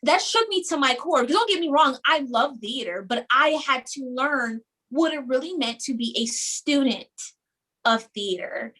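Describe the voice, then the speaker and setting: A young woman from New York, a guest telling stories in a casual interview, animated and often repeating words. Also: sits high, normal speed. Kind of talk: casual chat.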